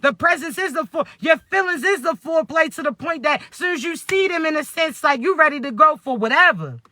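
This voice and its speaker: A man giving a casual spiritual reading to his viewers, slangy and animated, who keeps asking if they understand. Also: very high voice, a little fast, no echo, clean studio sound. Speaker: spiritual reader.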